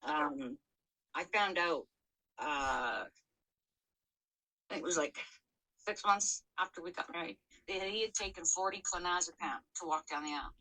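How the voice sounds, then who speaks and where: A woman's voice: lowish voice, a little slow, pauses often, pushed and bright, rough recording. A middle-aged woman frankly telling her own story on a podcast, swearing freely, with many fillers and restarts. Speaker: podcast co-host. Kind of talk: candid personal storytelling.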